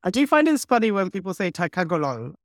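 A man co-hosting a casual medical podcast, talking in a relaxed, reflective way and joking around. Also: high voice, quick pace, no room sound, clean studio sound. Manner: relaxed, reflective, playful with voices. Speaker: podcast co-host, doctor. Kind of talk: casual chat.

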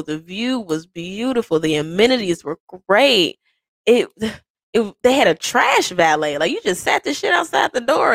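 A woman podcast host telling a personal story in a casual way, animated and often laughing. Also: no echo. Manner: animated, quick swings into high quoted voices; frequent laughs.

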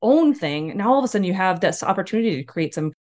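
A woman's voice: medium pitch, lively intonation, fast talker, darkish tone. A woman hosting a podcast in casual, friendly chat, agreeing readily and laughing often. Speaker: podcast host.

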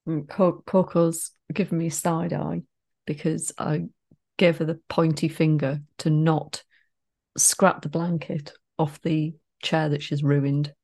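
Woman on a podcast, really low voice, teasing and playful. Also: level tone, slow, darkish tone. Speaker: podcast co-host. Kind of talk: casual chat.

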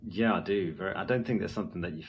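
A man's voice: low-pitched, husky, highs cut off. A man, a doctor, telling candid stories about his early work in a casual chat. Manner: candid storytelling, quick and rambling.

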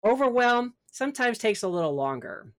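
At a moderate pace and in a fairly high, sing-song voice, a middle-aged woman talks on a podcast about spirituality and personal growth. She is an author, speaking casually and with animation, and she voices her inner thoughts aloud as if performing them.

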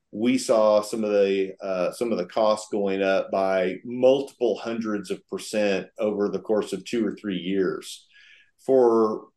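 A man with a fairly low voice talks through a point in an interview, earnest and deliberate, doubling back over his own phrases. The room around him is echoey and roomy. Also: darkish tone. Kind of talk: conversational interview explanation.

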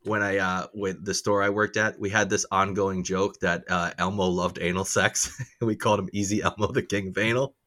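A man's voice: deep voice, little pitch movement, moderate pace, pushed and bright. A middle-aged man co-hosting a podcast in casual, crude, jokey chat. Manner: jokey, crude, slips into silly voices. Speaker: podcast co-host.

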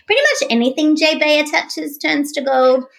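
A woman's voice: high-pitched, moderate pace. A woman guest and author, telling stories animatedly in an interview and acting out the voices of the people in them. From from outside the US. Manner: animated storyteller, acts out voices. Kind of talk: storytelling interview talk.

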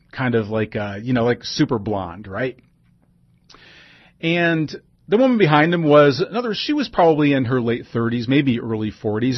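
A man telling a personal anecdote in a relaxed conversational way, with asides and fillers. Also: medium pitch, lo-fi sound. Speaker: storyteller.

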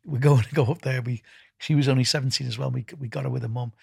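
A man's voice: medium pitch, steady tone, fast talker, vocal fry, darkish tone, husky, no room sound, studio quality. A middle-aged man with a Liverpool accent answering interview questions in a rambling, casual way, repeating words and filling gaps with "you know". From England. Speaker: festival founder and music executive.

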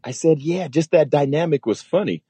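A man's voice: a little high, moderate pace, warm tone, slightly rough, no room sound. A man, a military pilot, telling a story in a casual interview and acting out the voices of the people in it.

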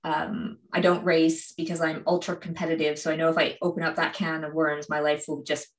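Deep-voiced and a little fast, with little pitch movement, this Canadian woman chats about cycling as a guest in a casual interview. She's a cycling YouTuber whose Canadian accent has a slight British twang, and she laughs a lot and uses many fillers, all in a roomy-sounding space.

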